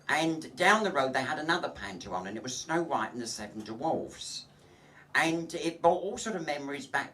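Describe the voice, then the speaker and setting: Lively camp comedian telling bawdy jokes. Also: male voice, mid-range voice, recorded from a distance, a little hiss or hum. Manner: chatty, gossipy, laughs at own jokes, acts out voices. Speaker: drag comedian. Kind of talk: bawdy stand-up storytelling. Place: small pub, live show.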